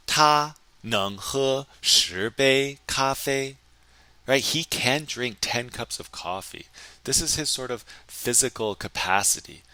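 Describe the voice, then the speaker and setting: A man teaching a recorded Chinese grammar lesson, explaining in English and slowly modeling sentences in Chinese. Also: fairly low pitch, sharp tone, no echo.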